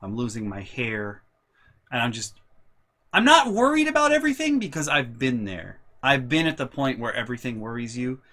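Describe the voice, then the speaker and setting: A young man vlogging a storytime, telling family anecdotes in an animated, sweary, casual way. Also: mid-range voice, moderate pace. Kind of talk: storytime vlog.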